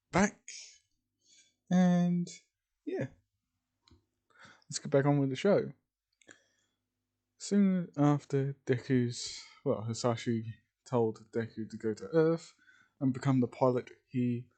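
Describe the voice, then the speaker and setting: Slow, rambling male storyteller. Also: mid-range voice, dark tone. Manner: rambling, informal asides. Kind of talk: casual fan-fiction narration.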